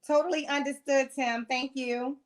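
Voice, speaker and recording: A woman hosting a casual podcast interview, gushing and excitable as she talks with her guest. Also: high voice, normal speed. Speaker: podcast host.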